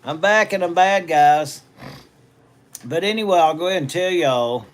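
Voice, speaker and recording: Broadcasting by phone from a hospital treatment room, this middle-aged auctioneer and livestream host chats casually and reads viewer comments. His Southern US accent comes through in rambling, folksy country talk, with a slightly high voice at a moderate pace.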